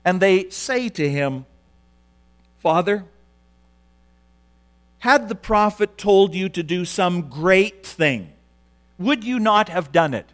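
A man's voice: high voice, animated, slow, long pauses, fairly bright tone. A man preaching a sermon, retelling a story with dramatic flair and acting out the quotes.

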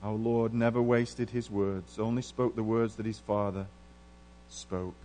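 A middle-aged man preaching a sermon earnestly, moving between hushed and emphatic passages. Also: lowish voice, fairly even intonation, measured pace, slight background noise. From England.

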